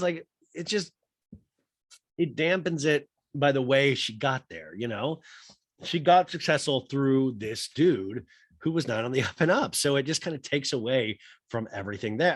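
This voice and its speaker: A man hosting a comedy podcast, recapping a reality TV episode in a loose, swearing, animated way. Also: mid-range voice, no echo, clean studio sound. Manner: animated, swears, slips into mimicking voices. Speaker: podcast host.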